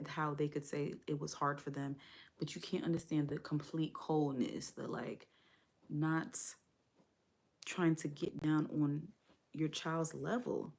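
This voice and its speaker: Low, mellow woman chatting casually on a live stream. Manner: chatty and candid, addresses viewers as "y'all". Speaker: livestream host; parent.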